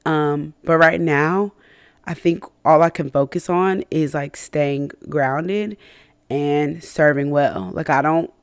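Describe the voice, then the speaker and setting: A woman's voice: low-pitched, takes it slowly, clear, resonant tone, no echo, studio quality. A woman hosting a personal faith podcast, talking candidly and reflectively, with many fillers and restarts and self-conscious laughs between thoughts. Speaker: podcast host.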